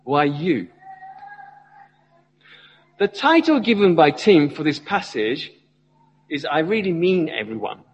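A man's voice: on the high side, big pitch swings, slow, long pauses, big-room sound, lo-fi sound, slight background noise. A man, a church member, preaching a sermon and asking his listeners questions as he goes. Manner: asks the congregation questions, rising and falling emphasis. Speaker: lay preacher.

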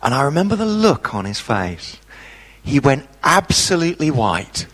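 A man preaching a sermon, telling a personal story with dramatic pauses. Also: mid-range voice, big pitch swings, fairly bright tone, slightly rough, big-room sound.

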